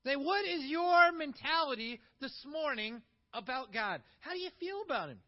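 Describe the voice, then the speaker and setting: A man with a high voice delivers a sermon, swinging from emphatic, rising peaks to quiet asides. The recording sounds a bit dull and muffled. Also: lively intonation, measured pace, long pauses. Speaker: pastor.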